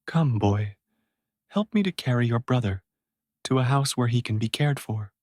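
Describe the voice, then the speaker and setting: A man's voice: medium pitch, animated, normal speed, darkish tone, no echo, studio quality, lightly acted. A man reading a storybook and voicing a kindly passing stranger.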